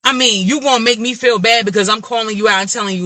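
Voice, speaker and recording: A woman with an African American Vernacular English accent rants bluntly and profanely to her camera. Her voice sits high with a very bright, cutting edge. The sound is close and dry. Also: quick pace, dry recording. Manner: blunt, profane, animated ranting. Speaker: vlogger. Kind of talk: candid venting monologue.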